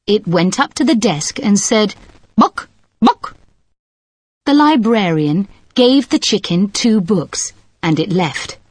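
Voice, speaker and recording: A woman tells a short story slowly and calmly. Her voice moves through a lively range of pitch. The sound is dry, recorded close. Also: dry recording. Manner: calm storybook telling. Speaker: narrator. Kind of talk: scripted story narration.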